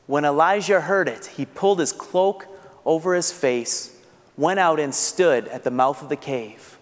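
A man's voice: fairly high pitch, unhurried. A man preaching a sermon as pastor, earnest and building to fervent rhetorical questions. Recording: long hall reverb.

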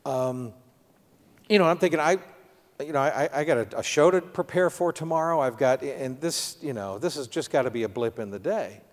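A middle-aged man preaching a sermon testimony in an earnest, halting storytelling manner, speaking directly to his audience. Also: medium pitch. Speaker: preacher sharing a personal testimony. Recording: long hall reverb.

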